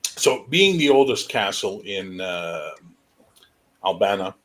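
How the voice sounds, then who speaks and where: A man's voice: deep voice, big pitch swings, slow pace, a bit bright. A man narrating as game master in a tabletop game, rambling casually with many fillers.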